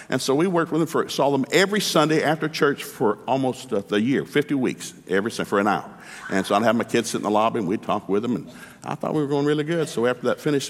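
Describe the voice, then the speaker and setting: Animated folksy preacher in a big hall. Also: male voice, medium pitch. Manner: folksy, animated storyteller acting out both sides of dialogues. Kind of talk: sermon with storytelling.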